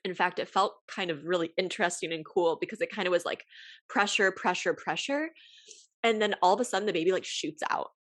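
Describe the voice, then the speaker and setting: A young woman hosts a podcast, telling a personal story casually and emotionally in a lowish, fairly bright voice at a brisk pace. She sighs a lot, leans on fillers, and at times sounds close to tears. The recording is dry.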